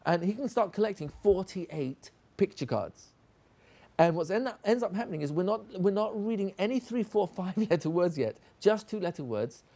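A man giving an instructional lecture to teachers, animated and acting out classroom scenes as he explains. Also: high-pitched. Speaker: teacher trainer.

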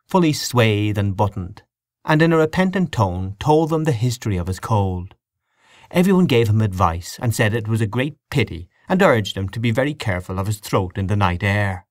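A man narrating a literary audiobook with a measured, expressive reading. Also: fairly low pitch, no echo, clean studio sound.

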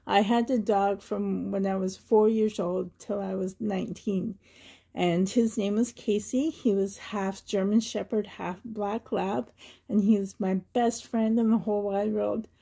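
A woman's voice: mid-range voice, fairly even intonation, measured pace, creaky, warm tone, slightly rough. A woman from Canada vlogging in a chatty, rambling way, often laughing and getting emotional. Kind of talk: casual chatty tag video.

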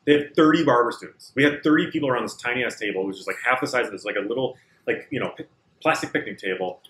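A man's voice: mid-range voice, very fast, a bit bright, a little hiss or hum. Man telling shop stories in an echoey room. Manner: storytelling, self-mocking, swears. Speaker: barbershop owner, co-host. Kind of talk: casual chat. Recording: roomy echo.

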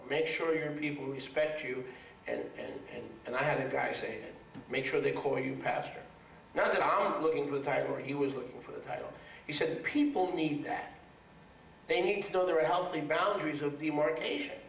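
Guy preaching a sermon, kinda high voice, keeps checking the crowd follows him, faint room hum. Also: vocal fry. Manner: emphatic, repeats words for stress, asks the audience for agreement. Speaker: rabbi teaching a congregation. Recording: echoey room, mic at a distance.

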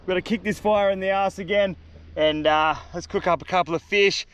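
A young Australian man with a fairly high, smooth voice talks to his camera outdoors. He is excitable and slangy, chatting straight to viewers about his day. The sound is a clear handheld camera recording. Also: a little fast. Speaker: survival vlogger. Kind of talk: casual outdoor vlog. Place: outdoors on a beach in the bush.

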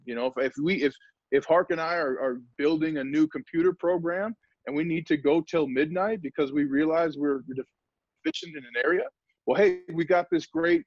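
A former pro football player speaking energetically and emphatically in a motivational talk over a video call. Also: male voice, fairly high pitch, no echo. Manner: energetic, emphatic, acts out quotes. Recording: dull lo-fi video call audio.

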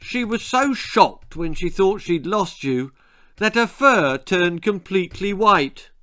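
A man's voice: sits high, lively intonation, slow pace, sharp tone, dry recording, studio quality, pitched above the performer's own voice, full character voice. A man voicing a scheming, lying girl who coolly passes off fakes as the family cat. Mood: cheeky. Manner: brazen, matter-of-fact.

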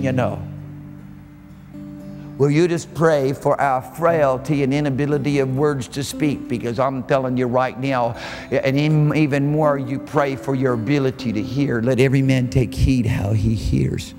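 A man's voice: medium pitch, steady tone, a little slow, music in the background. A man preaching a sermon at a church service, fervent and emphatic, stretching out key phrases. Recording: echoey church hall with faint noise.

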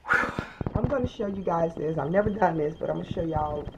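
A weary woman in pain giving a casual personal health update as a vlogger at home, soft-spoken and halting, with many ums and sighs. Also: lowish voice, animated, muffled recording, very noisy. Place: home, indoors.

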